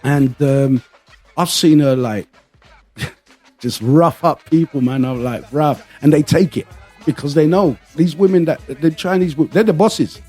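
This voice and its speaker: A man's voice: fairly high pitch, unhurried, warm tone, soft background music. A man hosting a casual podcast, telling rambling anecdotes and swearing freely. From London. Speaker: podcast host.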